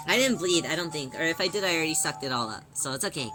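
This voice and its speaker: A woman chatting casually on a livestream as she sews, playful and giggly, answering chat and whining in drawn-out yelps. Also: sits low. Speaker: streamer.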